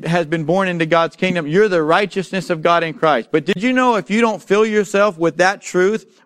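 A man preaching a sermon to a congregation in church, speaking emphatically, asking the congregation to answer back, and slowing down to read scripture. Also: high-pitched, fairly bright tone.

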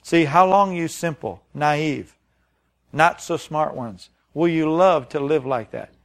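A man's voice: on the high side, slow pace. A man preaching a sermon, reading scripture and putting emphatic questions to his congregation. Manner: reads scripture aloud, then explains it plainly. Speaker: pastor.

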